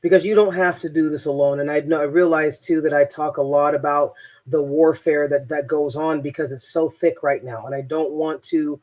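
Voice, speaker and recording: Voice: mid-range voice, fairly even intonation, moderate pace, darkish tone. A transformational coach telling a personal story in a rambling, emphatic monologue, often repeating words.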